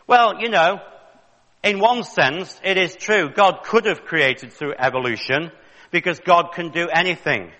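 A man's voice: on the high side, a little slow, pushed and bright. Fervent male preacher in a hall. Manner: fervent, rising to emphatic questions. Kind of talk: sermon.

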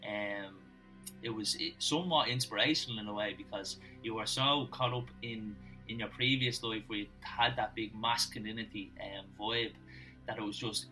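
Earnest host, lowish bright voice. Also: male voice, fairly even intonation, soft background music, rough recording. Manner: earnest, halting questions full of fillers. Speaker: podcast host. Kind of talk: casual podcast interview.

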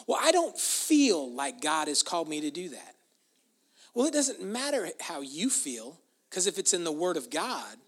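A pastor delivering a lively sermon, with a voice that leaps up on emphasis and drops low for quiet asides. The tone is bright and forceful.

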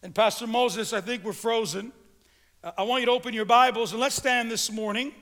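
Brief: high-voiced male preacher, bright tone, rallies the congregation, long church reverb. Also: fairly even intonation, a little fast. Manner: stammering restarts, rallying the congregation. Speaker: pastor. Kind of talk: sermon. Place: church sanctuary. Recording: long reverb of a large hall.

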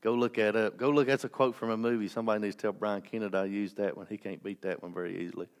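A man's voice: on the low side, fairly even intonation, very fast. A man preaching a sermon as pastor, impassioned, with restarts and joking asides.

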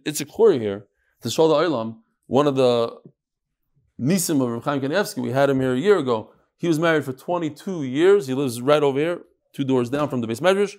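Animated man teaching a Talmud class. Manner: explains in English, mixing in Hebrew and Aramaic terms; animated, with sudden swings up and down in pitch. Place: study hall.

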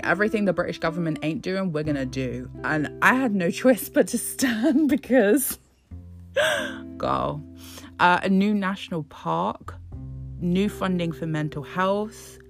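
A woman with a low-set voice talks casually and sarcastically, swearing freely and playing up mock excitement. She is from Scotland, and soft guitar music plays faintly behind her. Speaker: vlogger commenting on politics. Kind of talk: casual chat.

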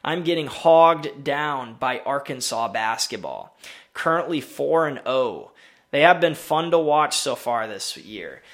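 Man, podcast host, casual sports talk, opinionated, rambling, self-interrupting, mid-pitched voice. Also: animated, a little slow, a bit bright. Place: home in winter city.

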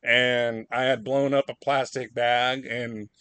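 A man's voice: medium pitch, little pitch movement, slow, sharp tone, clean tone, no room sound. A young man hosting a casual podcast, telling rambling, profane stories. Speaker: podcast host.

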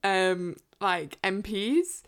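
A woman's voice: mid-range voice, expressive, drawn-out words. A young English woman with an English accent, co-hosting a casual book podcast, chatty, with many fillers and frequent laughter. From England. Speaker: podcast co-host.

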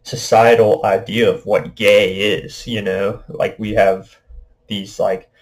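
A man's voice: lowish voice, flat delivery, slow pace, rough recording. A young man hosting a casual monologue podcast, rambling with lots of fillers. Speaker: podcast host.

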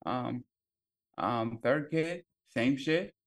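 A relaxed young man co-hosting a podcast sits back and tells a long story about his kids. His voice sits at an ordinary middle pitch. He scatters "um" and "like" through his speech and drops the odd swear word in a loose, chatty way. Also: very slow. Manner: loose storytelling with many fillers and profanity. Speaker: podcast co-host. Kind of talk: casual chat.

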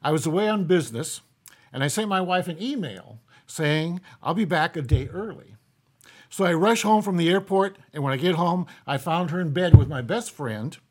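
A man voicing an indignant, betrayed businessman in a told joke, his voice raised and a bit louder. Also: fairly high pitch, lively intonation, moderate pace.

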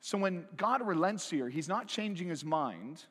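A man preaching a sermon as a pastor, talking in a conversational way, often tagging lines with "right?" and slowing down to stress key phrases. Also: sits high, expressive, a bit bright, husky, long reverb tail.

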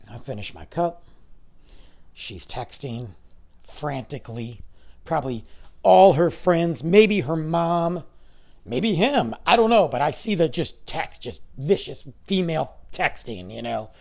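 A man's voice: on the high side, creaky, a little mellow. An adult man, a podcast host, telling a story in a rambling, chatty monologue full of asides and fillers. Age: adult with a school-age son.

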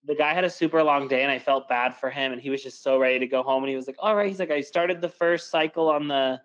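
A man's voice: mid-range voice, fast talker, highs cut off. A young man co-hosting a podcast, chatting casually and telling stories, with lots of filler "like". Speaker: podcast co-host. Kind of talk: casual chat.

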